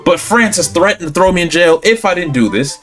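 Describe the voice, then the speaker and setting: A man's voice: high voice, expressive, brisk, fairly bright tone, faint music behind. A man giving voice-over gameplay commentary on a headset mic, telling the story animatedly with silly sound effects. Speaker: gaming YouTuber.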